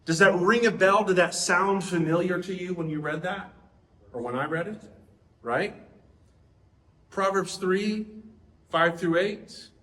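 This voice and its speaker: Middle-aged male preacher, conversational sermon, a bit high-pitched, roomy echo. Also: measured pace, pauses often, bright, forceful tone, a little hiss or hum. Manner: conversational, asks the audience questions.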